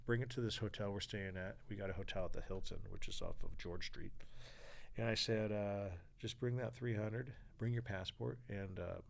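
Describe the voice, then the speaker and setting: A man's voice: deep voice, creaky, a little hiss or hum. A man in his forties from California, a podcast guest telling a story with energy, acting out other people's lines and swearing freely. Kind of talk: storytelling interview.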